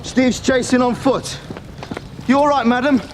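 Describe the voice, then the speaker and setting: An actor playing a patrol police constable in a TV police drama, with clipped radio talk. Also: male voice, extremely high pitch, steady tone, measured pace. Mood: urgent. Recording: loud sirens and traffic.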